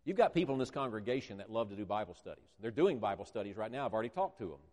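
A man preaching a sermon to a congregation, emphatic and repetitive, slowing down to stress key words. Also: on the low side, big pitch swings, darkish tone. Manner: emphatic, repeats phrases, stretches words for emphasis. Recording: echoey church hall.

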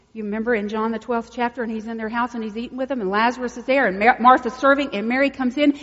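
Woman preaching, goes from hushed to loud and punchy, kinda high voice, big hall echo. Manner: swings from hushed, intimate lines to loud emphatic peaks. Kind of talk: sermon. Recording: dull lo-fi recording with long hall reverb.

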